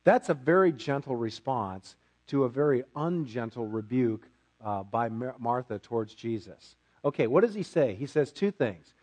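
A man's voice: medium pitch, lively intonation, moderate pace, a little mellow. A man preaching a sermon as pastor, repeating key phrases for emphasis.

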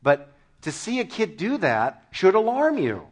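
A high-pitched man preaching a lively sermon in a church. He tells funny stories and bursts into shouted punchlines, laughing along with the congregation. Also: measured pace. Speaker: pastor.

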